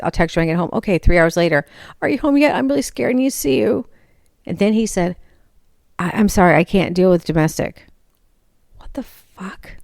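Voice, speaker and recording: A middle-aged woman tells a long, exasperated story in a casual, rambling way, with a gravelly edge running through her low voice. She often acts out what she said in a higher voice. The sound is dry and close, with no room behind it. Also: darkish tone, dry recording.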